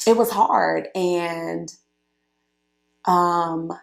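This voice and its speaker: A woman in her late thirties, a guest telling her life story in a casual, animated way, laughing often and using many fillers. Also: on the low side, extremely slow, vocal fry. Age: late 30s.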